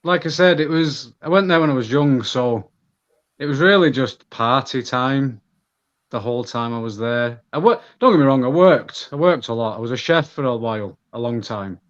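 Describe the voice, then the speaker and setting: A man's voice: mid-range voice, lively intonation, moderate pace. A man in his thirties with a Manchester accent, a guest talking candidly on a podcast, with lots of restarts. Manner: candid, rambling, many restarts. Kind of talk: casual podcast conversation. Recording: slightly dull lo-fi audio.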